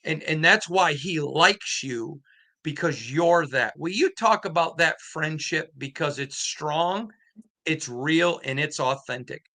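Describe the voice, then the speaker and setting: Bright-voiced earnest male podcast host. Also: on the high side, slow pace. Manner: earnest, emphatic storyteller. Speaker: podcast host and sports beat writer. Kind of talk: casual interview chat.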